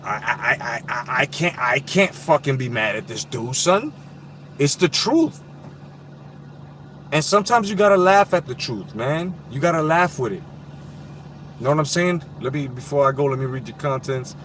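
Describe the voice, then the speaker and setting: Hosting a laid-back boxing live stream, this thirty-something man of Puerto Rican heritage talks in blunt, profane street slang. He has a mid-range, fairly bright voice with lively intonation at normal speed, and a little hiss or hum can be heard.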